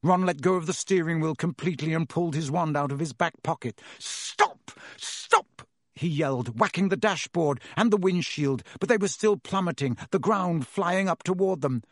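A man's voice: a little high, brisk, hardly any pauses, no room sound, studio quality. A man narrating a storybook in a vivid, dramatic way. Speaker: audiobook narrator.

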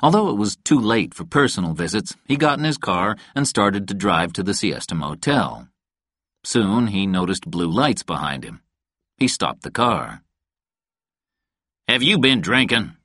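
A man reading a novel aloud in a calm, even storytelling manner. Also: sits low, moderate pace, no room sound, clean studio sound. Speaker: audiobook narrator. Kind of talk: scripted narration.

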